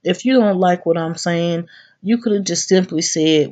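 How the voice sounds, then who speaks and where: A woman's voice: fairly low pitch, moderate pace, darkish tone. A woman in her thirties vlogging, ranting brashly and cursing freely as she talks straight to her viewers. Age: 30s. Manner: brash, profane, addresses viewers directly. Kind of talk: casual ranting vlog.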